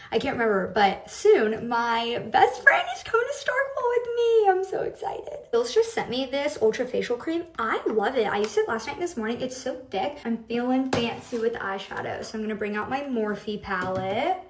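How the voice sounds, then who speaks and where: A woman's voice: fairly high pitch, far from the mic. Bubbly young woman vlogger, confiding chat, roomy echoey sound. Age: young adult. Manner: bubbly, confiding, laughs between words. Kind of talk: casual get-ready-with-me chat. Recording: roomy echo.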